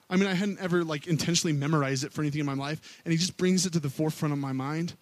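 A man in his thirties, a worship pastor, telling a personal story in a sermon with candid, conversational delivery that swings between loud pleading and quiet asides. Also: very fast, few pauses, dry recording. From Missouri. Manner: candid storytelling, rising to loud pleading then dropping low.

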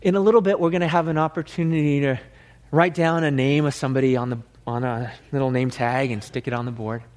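A man's voice: mid-range voice, fairly even intonation, fast, a little mellow. A male pastor preaching a sermon in an earnest, conversational way.

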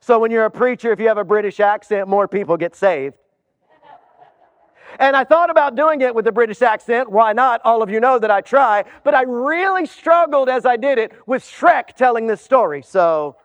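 A man's voice: extremely high pitch, animated, moderate pace. A male pastor preaching a sermon with humorous storytelling and wry asides. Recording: dull sound in a reverberant hall.

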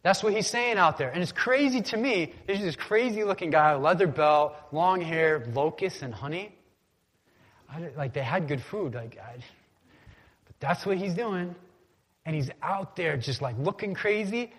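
A pastor with an animated, somewhat high and slightly bright voice preaches at a moderate pace in a large hall. His sermon is casual and conversational, and he often prompts the congregation to repeat words after him in call-and-response fashion.

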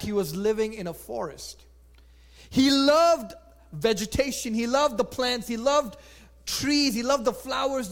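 Male storyteller, very high voice, slow, dramatic, loud then hushed. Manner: expressive, swings between loud and hushed.

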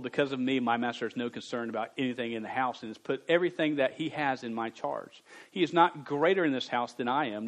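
Lively preacher, man. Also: mid-range voice, poor audio. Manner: lively, jumps from quiet reading to loud bursts; stammers on words. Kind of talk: sermon to young people.

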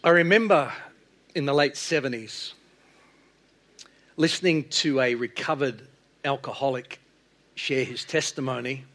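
A middle-aged male pastor telling a sermon story in an animated way, acting out the quotes. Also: medium pitch, unhurried, pauses often.

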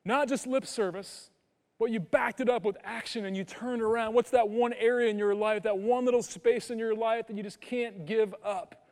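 High-voiced man preaching in a hall. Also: moderate pace. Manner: animated preaching, drops to hushed prayerful tones. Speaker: pastor. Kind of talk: sermon. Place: church sanctuary.

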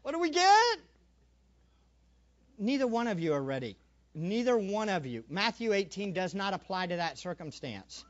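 Animated high-pitched male preacher. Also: moderate pace, long pauses, lo-fi sound. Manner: animated, acts out little scenes and repeats phrases for emphasis. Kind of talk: sermon.

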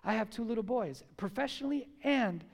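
A man's voice: extremely high pitch, lively intonation, a little fast, creaky. A man preaching a sermon to his church congregation, speaking emphatically and repeating his key lines. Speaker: pastor. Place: church service before a congregation.

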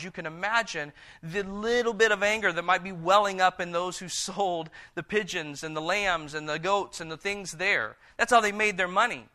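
Male preacher, bright voice, fairly high pitch, hushed scripture reading, animated retelling. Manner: reads scripture in a slow, hushed voice and paraphrases in a lively, animated one.

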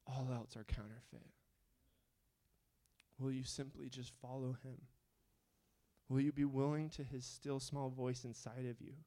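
A man preaching a sermon, moving between quiet questioning and loud, fervent appeals. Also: medium pitch, little pitch movement, a little slow, long pauses.

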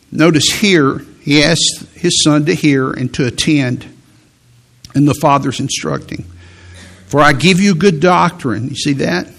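Gravelly emphatic preacher man. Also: on the high side, a bit bright. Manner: slow emphatic preaching, quoting scripture. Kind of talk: sermon.

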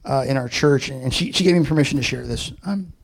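A man's voice: medium pitch, brisk, vocal fry, slightly rough. A man preaching a sermon as a pastor, in a casual, conversational way with many fillers before he leads a prayer.

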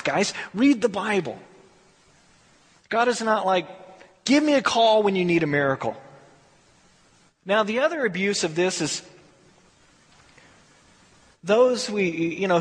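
A man preaches in a casual, animated way, slipping into little acted asides as he talks. His voice sits high and a bit husky. It rings with the long reverb of a large hall. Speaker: pastor. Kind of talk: sermon.

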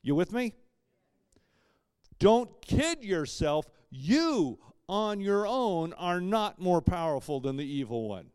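A man preaching a sermon as pastor, emphatic, swinging between loud punches and quiet asides, with dry joking asides. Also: high-pitched, sing-song, takes it slowly, clean tone, no room sound.

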